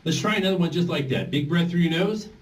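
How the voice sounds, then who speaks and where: This man talks fast in a somewhat high voice while running a group voice therapy session. As the instructor, he walks the class through each step and sings vowels to show how it's done; the mic is far off and a little background noise comes through.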